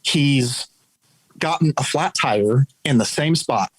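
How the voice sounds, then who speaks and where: A man with a husky, slightly breathy voice speaks as an interview guest. He tells a story in an earnest, explanatory way. The sound is dry and close, with no room echo. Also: mid-range voice, slow. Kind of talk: conversational storytelling.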